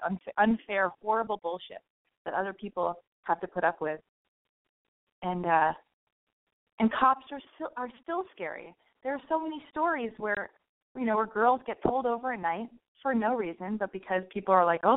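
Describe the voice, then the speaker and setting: A woman with a Californian Valley girl accent hosting a podcast, talking casually with lots of swearing, restarts and rambling asides. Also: medium pitch. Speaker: podcast host. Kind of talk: casual monologue. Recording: phone-like thin sound.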